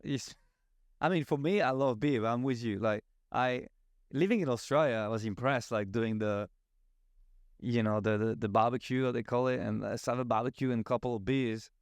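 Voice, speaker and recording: Guy in his 40s rambling on a podcast, smooth lowish voice, dry close sound. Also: normal speed, dry recording. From South of France. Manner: rambling, restarts often, animated. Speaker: guest, spirits brand advocacy manager. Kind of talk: casual podcast conversation.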